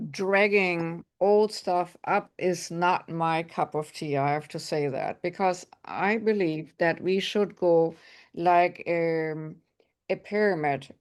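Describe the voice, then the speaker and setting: A woman's voice: fairly low pitch, a little mellow, clean tone. A woman guest on a talk show, speaking in an earnest, firm way. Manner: earnest, firm when disagreeing. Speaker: guest psychic consultant. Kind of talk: casual conversation.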